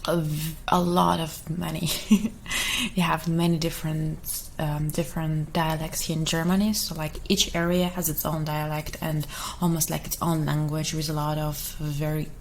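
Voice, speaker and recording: A woman whose first language is Russian, chatting in a soft ASMR voice, giggling often and rambling, sometimes whispering. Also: low voice, level tone, moderate pace, vocal fry, slight background noise, low-quality recording. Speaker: ASMR creator. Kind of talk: soft-spoken ASMR chat.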